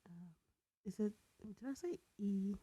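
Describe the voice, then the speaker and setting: A young woman co-hosting a podcast in casual chat, rambling as she searches for details, often dropping into breathy asides. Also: mid-range voice, lively intonation, a little slow, mellow, rough recording. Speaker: podcast co-host.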